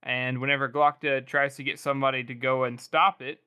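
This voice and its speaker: A man's voice: medium pitch, level tone, fairly quick, bright, forceful tone, smooth, no echo, clean studio sound. A male podcast co-host rambling casually as he recaps a book, with plenty of fillers.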